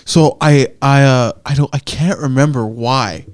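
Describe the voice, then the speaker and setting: A young man co-hosting a podcast, chatting casually, cracking jokes and swearing. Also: medium pitch. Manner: joking, swears, quick asides. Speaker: podcast co-host. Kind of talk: casual chat.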